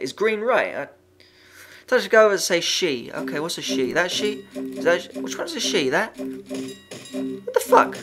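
A man playing a video game and commenting aloud, muttering, swearing often and reading the on-screen text as he goes. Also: high voice. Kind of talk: let's-play commentary.

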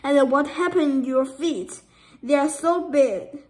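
A woman's voice: high voice, takes it slowly, darkish tone. Woman reading as Little Red, sweet clever girl. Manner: sweet and polite.

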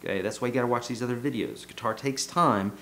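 A man's voice: mid-range voice, quick pace, sharp tone. A man giving a casual guitar lesson in a loose, joking, self-deprecating way. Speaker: guitar teacher. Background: guitar playing.

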